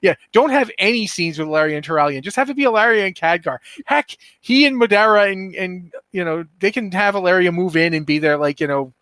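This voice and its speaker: Host, man, slightly high voice, dry close mic, animated and rambling. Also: fairly quick, few pauses, dry recording. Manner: animated, rambling, self-interrupting. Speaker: podcast host. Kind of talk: casual podcast chat.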